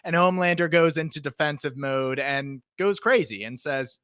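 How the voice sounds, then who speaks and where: Casual male podcast co-host: bright and forceful, slightly high, joking, dry close mic. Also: a little slow, clean tone, dry recording. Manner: animated, joking recapper.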